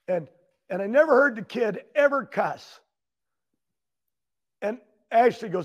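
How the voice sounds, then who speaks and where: A man's voice: very high-pitched, animated, measured pace, vocal fry, long pauses. An older man telling a long, emotional story as a guest, rambling and repeating words as he gets worked up. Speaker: guest, retired champion racer.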